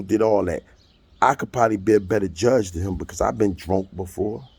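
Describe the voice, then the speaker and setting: This man, an American in his 50s, tells the story of a court hearing plainly and with plenty of swearing, in a relaxed monologue. His voice is lowish, gravelly, husky and a little mellow.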